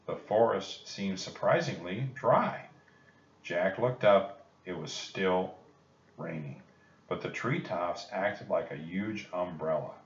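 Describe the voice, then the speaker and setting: A deep-voiced man reads a children's chapter book aloud, calm and measured at an unhurried pace. The recording sounds distant and echoey. It has a dull, muffled tone. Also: slight background noise. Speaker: narrator. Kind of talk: children's storybook read-aloud.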